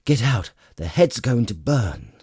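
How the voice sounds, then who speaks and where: A man reading an audiobook and voicing a stern, determined male knight who speaks with urgency and command, a little raised and louder than his narration. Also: fairly low pitch, animated, normal speed, slightly rough, no room sound, studio quality. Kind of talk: audiobook character voice.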